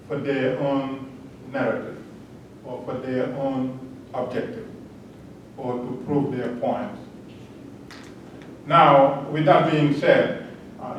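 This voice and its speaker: A man giving a public talk as a panel respondent, telling a personal story in an earnest way and chuckling at his own jokes. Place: large lecture hall. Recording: echoey hall from a distance, faint rumble.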